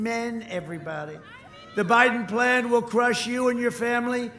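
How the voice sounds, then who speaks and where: Older man shouting through a booming rally speech. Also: reverberant, slight background noise. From United States. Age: 70s. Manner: boastful, repetitive, swings between shouting and quiet asides. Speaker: political candidate.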